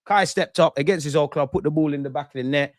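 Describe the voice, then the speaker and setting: A young man hosts a football reaction stream, talking in slangy, animated bursts. His voice sits a little high and sounds close and dry on the mic. He swings between heated rants and calmer analysis of the match. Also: fast talker, no room sound. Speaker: football watchalong host. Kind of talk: casual post-match reaction.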